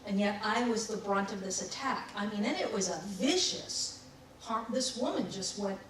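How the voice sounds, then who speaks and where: A woman's voice: mid-range voice, lively intonation, normal speed, fairly bright tone. A woman giving a candid, reflective talk on personal growth, laughing at herself as she tells her own story. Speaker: spiritual speaker. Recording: very echoey room, distant mic, faint noise.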